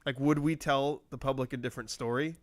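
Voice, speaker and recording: A man's voice: mid-range voice, fairly even intonation, a little fast, no room sound. Joking, rambling man hosting a podcast. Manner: joking, rambling, laughs often. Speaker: podcast host. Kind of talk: casual sports podcast banter.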